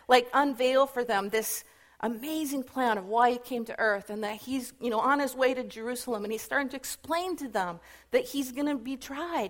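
A woman retelling Bible stories in a casual, chatty sermon, animated and full of fillers. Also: a little high. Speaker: Bible teacher.

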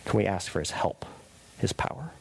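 A middle-aged man preaching a sermon as pastor, confessional and emphatic, tagging points with "right?" and dropping to a quiet, earnest voice in prayer. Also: fairly low pitch, sing-song, normal speed, gravelly, a little hiss or hum.

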